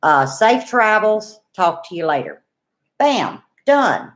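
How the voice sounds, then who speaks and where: A middle-aged woman with a Southern US accent, telling a homestead story to her viewers in a folksy, animated way. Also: medium pitch, slow pace. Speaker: homestead vlogger.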